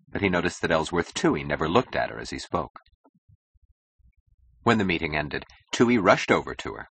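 Male novel narrator, low husky voice, expressive rise and fall, dry close sound. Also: no echo. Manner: measured, expressive reading. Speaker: audiobook narrator.

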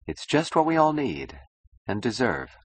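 A man's voice: mid-range voice, big pitch swings, unhurried, slightly rough, no echo, voice pushed up. A man voicing a cool, mocking young woman who speaks in a languid, ironic drawl.

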